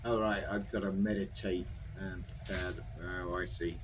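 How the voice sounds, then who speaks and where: A man's voice: sits low, little pitch movement, moderate pace, background noise. An older man, chatting casually and rambling while commenting on a game he is playing. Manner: chatty, rambling, says "mate" often. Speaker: gaming channel host.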